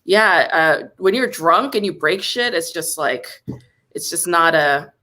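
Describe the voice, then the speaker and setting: A young woman telling a comic story in a casual, exasperated rant, swearing and jumping up in pitch when indignant. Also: animated, a little slow, bright, forceful tone. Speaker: comedy podcast host.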